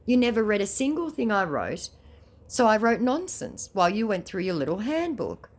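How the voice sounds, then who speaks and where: A woman's voice: mid-range voice, very animated, normal speed. A woman recapping a chat with a scammer in a sarcastic, teasing way. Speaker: scam baiter.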